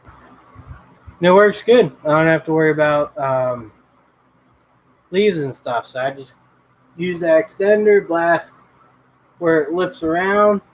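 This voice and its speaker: Male livestream host, slow-talking, higher voice, rambling chat with viewers. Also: slight background noise, rough recording. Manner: laid-back, rambling, greets viewers by name. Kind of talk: casual livestream chat reading comments.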